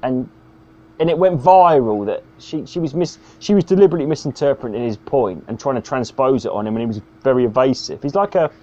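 In dull lo-fi sound, a male podcast co-host rambles, teases and swears through casual banter. His mellow voice is medium-pitched and brisk.

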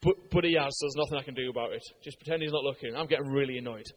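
An English man preaching a sermon in a conversational way, telling anecdotes with lively, animated delivery and frequent fillers. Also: medium pitch, rapid-fire, slight background noise. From Britain.

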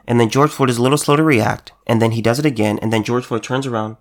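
A man's voice: mid-range voice, fairly even intonation, quick pace. Guy ranting through a commentary monologue, keeps restarting words, heated and repetitive. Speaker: political commentator.

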